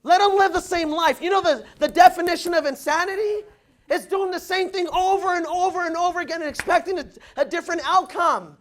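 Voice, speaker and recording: At a recruit orientation, a motivational speaker gives a loud, punchy speech in a very high voice, talking a little fast. He keeps asking the new recruits if they follow him, and they answer back. He acts out the people he quotes in altered voices.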